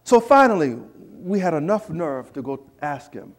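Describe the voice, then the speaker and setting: A man preaching in a church, telling a lively personal story with asides to the congregation. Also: a little high, normal speed, few pauses. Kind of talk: storytelling sermon.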